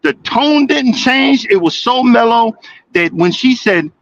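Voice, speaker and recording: A man's voice: sits high, sing-song, moderate pace, fairly bright tone, no echo, lo-fi sound. A man calling in from his truck cab during a casual chat, talking in stammering restarts and laughing easily. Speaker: caller.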